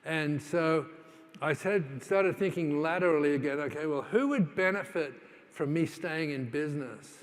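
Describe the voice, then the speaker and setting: A man with a fairly high voice gives a keynote at a moderate pace, telling stories in a conversational manner with many fillers and restarts. Now and then he acts out what people said, and the large conference hall gives his voice a long reverb.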